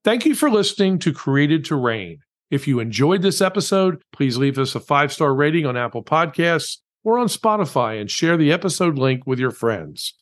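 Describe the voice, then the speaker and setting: A man with a slightly higher voice delivers a scripted podcast commentary. He reads emphatically and drops wry, sarcastic asides. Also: sing-song, normal speed, few pauses.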